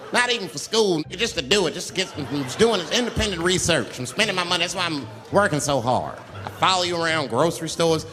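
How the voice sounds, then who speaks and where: A high-pitched, very lively man performs stand-up comedy, swinging his voice up and down as he acts out his story. His voice rings through a hall with a long reverb, and loud music plays along. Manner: animated storytelling, acting out characters with big pitch jumps.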